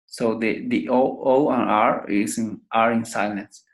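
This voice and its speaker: Slow, patient male English teacher. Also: on the low side, steady tone. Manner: repeats each word slowly to drill pronunciation. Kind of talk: pronunciation lesson.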